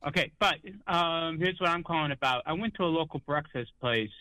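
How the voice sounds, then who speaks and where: Guy from connecticut calling in to radio, very bright edgy tone, dry sound, telling a story. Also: on the high side, a little fast, dry recording, low-quality recording. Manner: storytelling, acts out quoted people. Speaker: caller. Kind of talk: call-in radio chat.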